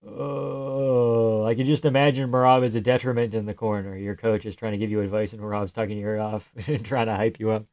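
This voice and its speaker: A man's voice: fairly low pitch, level tone, brisk, few pauses, darkish tone, no echo. Swearing, laughing male fight streamer. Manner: swears a lot, laughs often, rambling. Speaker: live streamer. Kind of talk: casual live fight commentary. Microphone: headphones on, close mic.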